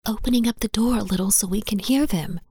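A woman reading aloud, voicing a bold, stubborn young frontier woman who speaks in hushed, urgent tones. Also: medium pitch, fast talker, husky, no echo, studio quality, voice pushed up.

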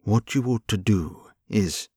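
A man's voice: on the low side, takes it slowly, darkish tone, slightly rough, dry recording, studio quality. A man reading an audiobook, voicing an angry rich young man who plots a kidnapping, curt and commanding. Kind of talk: audiobook character voice.

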